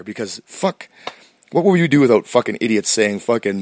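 Canadian male podcast host, fast talker, profane stammering ramble, lowish dry voice. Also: expressive, no room sound. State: stoned. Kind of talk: rambling casual monologue.

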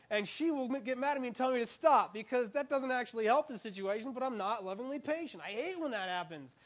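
High-voiced animated young male preacher. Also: brisk. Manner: animated, playful, self-mocking asides. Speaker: student preacher. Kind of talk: interactive sermon.

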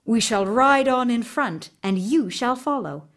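Brief: woman reading as a high, bright-voiced young princess in a storybook, bold and spirited. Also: lively intonation, a little slow. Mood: determined.

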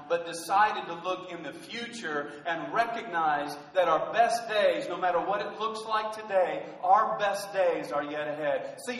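A man's voice: high voice, fairly bright tone. Man, pastor, rousing sermon, rhetorical questions, long hall reverb, distant mic. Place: large church hall. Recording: echoey hall from far off.

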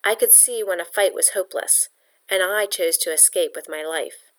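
A woman reading an audiobook, voicing a weary nineteen-year-old former revolutionary with a sharp, exasperated tone. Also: lowish voice, normal speed, natural voice.

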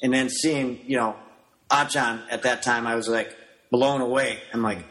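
A man's voice: medium pitch, normal speed. Middle-aged man telling martial arts stories. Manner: animated storyteller who acts out his younger self in quotes; loose, rambling with many "you know" fillers. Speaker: guest, martial arts coach. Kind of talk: casual storytelling interview.

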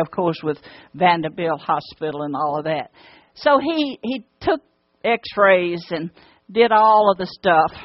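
A woman with an Alabama accent telling an earnest personal testimony, with long pauses. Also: medium pitch, dry recording. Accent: Southern US, Alabama. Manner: earnest storytelling, drawn-out pauses, fervent pleading in prayer. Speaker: speaker sharing a personal testimony. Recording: dull, lo-fi, dry recording.

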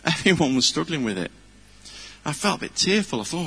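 A man's voice: fairly high pitch, big pitch swings, brisk, creaky, sharp tone, slightly rough. A middle-aged man, giving an informal, chatty sermon full of personal stories, earnest and self-deprecating. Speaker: preacher. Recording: long hall reverb.

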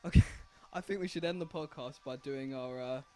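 A man's voice: medium pitch, moderate pace, mellow, soft background music. A man co-hosting a casual podcast, giggling as he poses crude hypothetical questions. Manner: giggling, posing cheeky hypotheticals. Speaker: podcast co-host.

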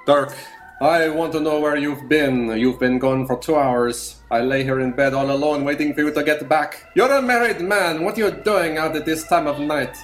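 A man's voice: on the high side, moderate pace, soft background music, natural voice. A man playing a jealous, fussy husband in a prim, melodramatic improvised soap parody. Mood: huffy.

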